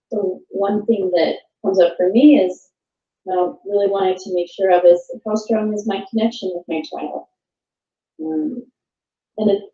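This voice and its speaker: Mellow woman in an echoey room. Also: mid-range voice. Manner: thoughtful, halting, with restarts. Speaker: parenting workshop speaker. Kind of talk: workshop talk. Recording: echoey room, dull sound.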